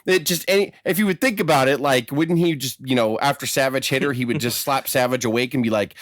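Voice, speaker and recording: A man co-hosting a podcast in casual chat, an animated storyteller who swears freely. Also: mid-range voice, fast talker, hardly any pauses. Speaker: podcast co-host.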